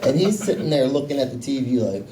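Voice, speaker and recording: A young man doing a stand-up comedy set, telling self-mocking stories in a deadpan way. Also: mid-range voice, quick pace, a little hiss or hum. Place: small comedy club. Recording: echoey room, voice from a distance.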